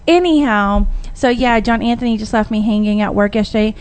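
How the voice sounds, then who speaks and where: A woman's voice: on the high side, fairly quick, smooth. A woman, hosting a casual radio talk show and telling stories with acted-out quotes. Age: 40s. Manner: animated storyteller who acts out quoted voices. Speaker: radio host.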